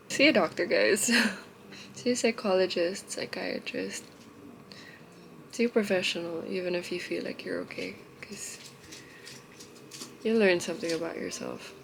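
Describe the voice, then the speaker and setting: A young woman records a confessional vlog through tears. Her voice is gravelly with fry and unhurried, halting and heavy with emotion. She often sinks into soft, trailing murmurs. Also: fairly low pitch, noisy background. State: tearful. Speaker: vlogger.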